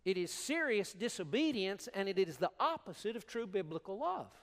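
A man preaching a sermon as pastor, emphatic and animated, with repeated words for stress. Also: sits high, moderate pace. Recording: long hall reverb.

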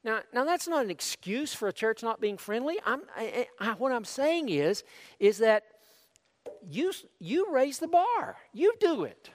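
Male pastor, high lively voice, earnest conversational sermon in a reverberant sanctuary. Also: a little slow. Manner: earnest, conversational preaching with frequent restarts. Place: church sanctuary. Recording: long hall reverb.

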